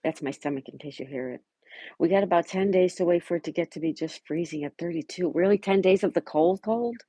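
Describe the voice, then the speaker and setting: Low, husky-voiced woman chatting on a livestream. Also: fast, no room sound. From Buffalo, New York. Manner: greets viewers by name and chats back warmly. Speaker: livestream host. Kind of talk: casual live chat, reading viewer comments aloud.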